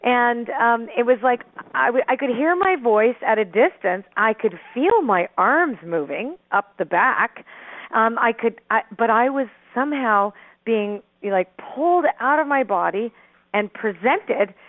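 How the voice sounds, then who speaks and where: A middle-aged woman telling a personal story as a caller, animated and rambling, with restarts and frequent laughs. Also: fairly high pitch, a little slow, dry recording. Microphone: telephone. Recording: tinny phone line.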